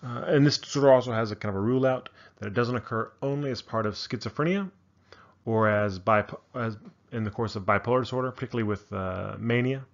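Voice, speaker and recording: A man's voice: medium pitch, fast talker, creaky, highs cut off. A man giving a casual narrated psychology lecture, thinking aloud with frequent ums and restarts. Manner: casual, many fillers and restarts.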